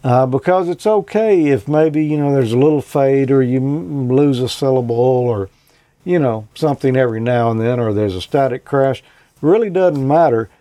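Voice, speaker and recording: Male host, folksy relaxed explainer, dry close recording. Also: mid-range voice, moderate pace, no echo. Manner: relaxed, folksy, plenty of "you know" and "uh". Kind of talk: casual technical explanation.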